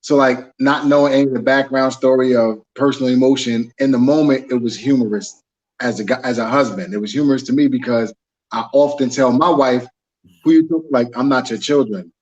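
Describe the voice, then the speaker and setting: A man co-hosting a casual chat, explaining his view in a relaxed, humorous, conversational way. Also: medium pitch, brisk, highs cut off. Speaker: podcast co-host.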